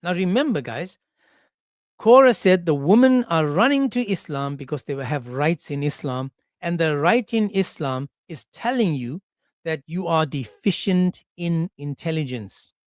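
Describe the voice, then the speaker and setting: A man's voice: a little high, lively intonation, unhurried, dry recording. Sarcastic man ranting at a close mic. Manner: mocking, sarcastic, acts out quoted voices. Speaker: commentary channel host. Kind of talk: monologue commentary on a clip.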